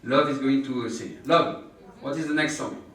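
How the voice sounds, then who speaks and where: Joking trainer in an echoey room. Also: male voice, medium pitch, fairly even intonation, moderate pace, a bit bright. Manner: joking, teasing with the patient between explanations. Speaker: aesthetic injection trainer. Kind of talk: live hands-on class demonstration. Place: treatment room with an audience. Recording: echoey room picked up from a distance.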